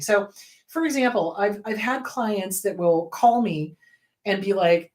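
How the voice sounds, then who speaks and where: A woman therapist hosting a talk show, speaking candidly and bluntly, with sudden loud, high bursts when she quotes people. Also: animated, normal speed. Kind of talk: casual advice talk.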